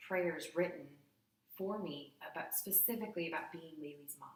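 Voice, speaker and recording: A woman in her thirties telling an emotional personal story in a candid, animated way, often acting out what people said. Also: low voice, moderate pace, slight background noise. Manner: candid, heartfelt, animated retelling with acted-out quotes. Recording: echoey room, voice from a distance.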